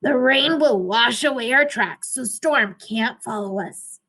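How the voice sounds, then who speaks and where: A woman's voice: a little high, a little slow, pushed and bright, slightly rough, heavily acted. A woman reading aloud, voicing a protective male farm dog who speaks firmly and reassuringly. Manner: firm, reassuring.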